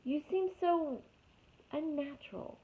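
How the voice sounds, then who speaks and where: A woman voicing a fussy, alarmed male owl who screeches, read from a storybook. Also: takes it slowly. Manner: shrill, screeching. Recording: tinny phone-like audio.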